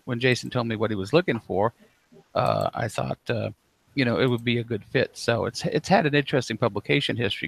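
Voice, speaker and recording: Gravelly-voiced man telling an anecdote. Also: mid-range voice, a bit bright, dry recording. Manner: rambling, with many fillers. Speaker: guest author. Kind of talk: casual panel chat.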